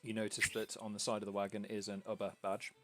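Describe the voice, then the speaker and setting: A man narrating a tabletop game as game master, in a relaxed, meandering way with lots of ums. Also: on the low side, fast, music in the background. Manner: relaxed, rambling with ums and uhs.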